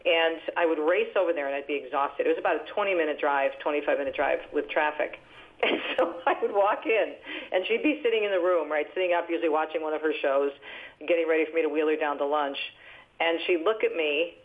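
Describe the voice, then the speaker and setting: A woman's voice: sits low, fast. Older woman on a tinny phone line. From New Jersey, US. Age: 60s. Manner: lively, animated storyteller with laughs. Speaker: radio talk show host and author, guest. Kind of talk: phone-in interview, storytelling.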